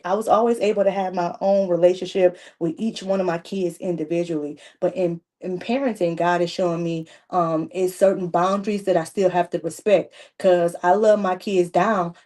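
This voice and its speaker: A middle-aged woman gives a casual, animated devotional talk on a livestream, with many fillers and restarts. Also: fairly low pitch. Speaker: ministry leader giving a parenting talk. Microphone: livestream mic.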